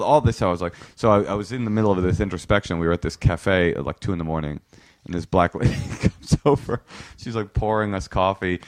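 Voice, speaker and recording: Male comedian guest in his thirties, low-pitched, casual chat, animated storyteller who slips into other voices.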